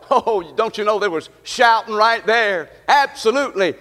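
A man's voice: extremely high pitch, animated, measured pace, hardly any pauses, bright, forceful tone. A man, a pastor preaching a sermon in a church, calling out to the congregation with a rising and falling delivery. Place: church sanctuary. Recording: live stream with long hall reverb.

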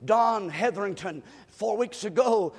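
A male pastor preaching a revival sermon, swinging between quiet asides and shouted exhortation in a church sanctuary. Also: high voice, measured pace, breathy edge. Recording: long reverb of a church hall.

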